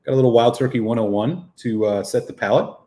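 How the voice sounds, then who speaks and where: A man hosting a relaxed live stream, a touch winded from a run. He chats loosely and greets viewers one by one as he reads the chat aloud. His voice sits at an ordinary middle pitch. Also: fast talker. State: slightly out of breath after a run.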